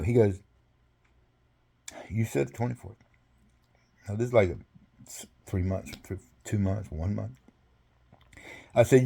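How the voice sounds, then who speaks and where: An older man recounts an old story as an interview guest. He rambles, laughs often and acts out both sides of conversations. His voice sits at a middle pitch for a man. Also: expressive, normal speed, creaky, long pauses, warm tone, breathy edge.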